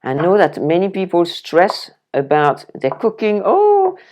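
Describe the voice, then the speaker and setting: Woman, French accent, cooking host, chatty and enthusiastic, unhurried delivery. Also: fairly low pitch, a little mellow. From France. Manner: chatty and enthusiastic, talks to the viewer while chopping. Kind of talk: casual cooking demonstration. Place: home kitchen.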